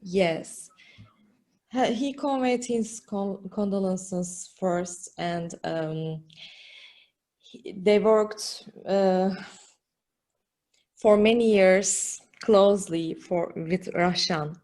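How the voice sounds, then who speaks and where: A woman's voice: medium pitch, extremely slow, pauses often, darkish tone. A woman from Turkey delivering condolences on someone's behalf over a video call, hesitant and searching for words. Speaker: speaker for a business council.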